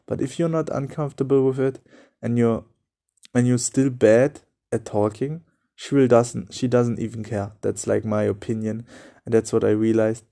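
Speaking alone on his motivational podcast, a young non-native English speaker comes across as earnest, repeating himself and phrasing things loosely. His mid-range voice is steady, gravelly and mellow, at a normal speed.

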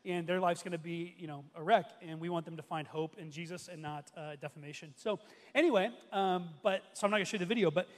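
A man's voice: high-pitched, fast talker. A man in his thirties preaching as a pastor from a church stage, telling a story in a loose conversational way full of restarts and fillers. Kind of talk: sermon. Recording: long hall reverb.

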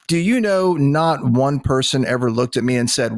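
A man's voice: medium pitch, animated, brisk, few pauses, no room sound. A man hosting a podcast from his studio, talking bluntly and with exasperation, swearing freely. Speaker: podcast host. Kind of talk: casual podcast talk.

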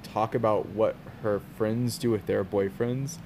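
Man, lowish voice, relaxed podcast storyteller, faint hiss underneath. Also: measured pace. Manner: relaxed storyteller, many fillers, laughs easily. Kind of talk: casual chat.

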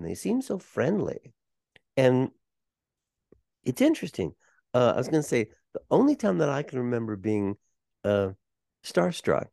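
A man's voice: mid-range voice, gravelly, no echo, studio quality. An older man, a performer and voice coach, telling stories as a guest on an interview podcast. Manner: animated, warm anecdote telling. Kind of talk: conversational interview storytelling.

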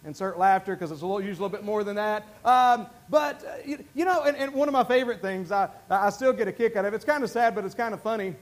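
A male pastor with a Southern drawl delivers a folksy, self-mocking sermon from a church pulpit. His voice sits unusually high, and he stumbles and restarts often. He sounds animated and down to earth. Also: fast, hardly any pauses. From North Carolina. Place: church sanctuary.

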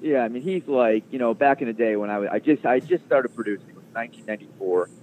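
Over a tinny, phone-like connection with a bit of hiss or hum, a guest who produces sports radio and hails from the Chicago area spins a long, meandering tale in a casual interview. His voice is medium-pitched, fast, and slightly mellow, and his talk is packed with fillers and restarts.

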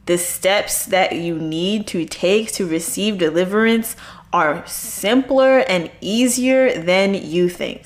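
A woman hosting a faith podcast who gives an earnest, conversational testimony and urges listeners on. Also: medium pitch. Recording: echoey room.

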